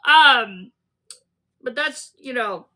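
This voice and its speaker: A woman hosting a casual book club discussion, animated and laughing as she acts out scenes. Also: a little high, extremely slow.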